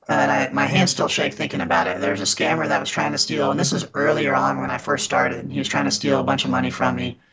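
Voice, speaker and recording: A man with a mid-range, fry-tinged voice speaks as a guest on a podcast, earnestly recounting his fights against scammers as a scam baiter and often restarting sentences. It's casual interview storytelling, and the recording sounds muffled.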